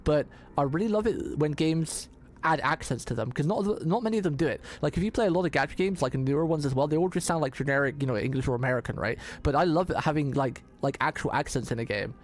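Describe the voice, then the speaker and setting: A man's voice: a little high, quick pace. A man streaming a game, chatting casually and rambling, repeating words and restarting his sentences often. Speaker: vtuber streamer. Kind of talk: casual live-stream commentary.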